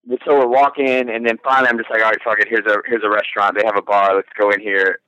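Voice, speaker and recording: A man's voice: lowish voice, flat delivery, fast, pushed and bright, clear, resonant tone, no echo, muffled recording. A man on a podcast telling a long casual story, rambling and crude, often laughing through his own lines. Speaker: podcast guest.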